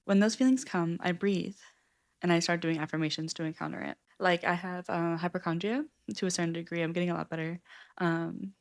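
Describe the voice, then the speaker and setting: A woman's voice: on the low side, fairly even intonation, brisk. A young adult woman vlogging about a self-help book, talking in an earnest, open way with frequent "like" fillers. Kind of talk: candid personal reflection.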